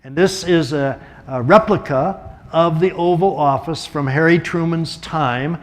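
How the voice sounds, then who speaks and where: A man telling a long anecdote to an audience in an easy, conversational way. His voice sits a little higher than most men's, and he drifts into casual asides as he talks. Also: unhurried. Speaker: guest speaker. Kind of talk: storytelling talk.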